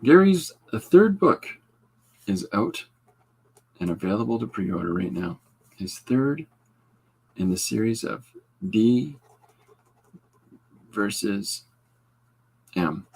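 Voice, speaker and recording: Gravelly, husky man chatting. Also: on the low side, slow pace, long pauses, darkish tone. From Canada. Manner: rambling, self-correcting, chuckling asides. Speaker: podcast host drawing comics live. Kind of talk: casual live-stream chat reading comments.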